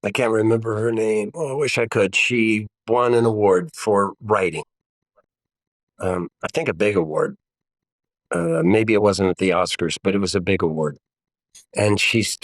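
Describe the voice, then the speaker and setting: Blunt, wry older man, low voice. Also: no echo. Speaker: guest. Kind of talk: casual interview conversation.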